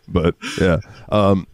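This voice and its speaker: Man, very low voice, dry close mic; rambling, profane podcast storyteller who laughs often. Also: no echo. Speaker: podcast co-host. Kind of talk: casual storytelling chat.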